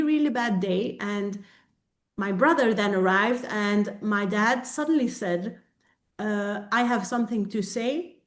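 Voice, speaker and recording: Higher-voiced woman telling a candid story. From Belgium. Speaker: coaching group participant. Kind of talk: personal account on a group coaching call. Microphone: video call.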